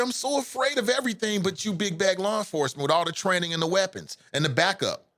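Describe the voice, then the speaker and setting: A man's voice: sits high, lively intonation, fast, hardly any pauses, pushed and bright. A man hosting a live show at home, giving blunt, impassioned and profane opinion commentary.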